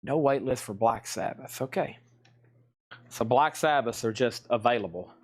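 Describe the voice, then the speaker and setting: A man's voice: medium pitch, moderate pace, no echo, clean studio sound. A man running a live vinyl sale, chatting in a folksy, rambling way and humming bits of songs. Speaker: live-stream record seller. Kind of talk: live sales stream chat.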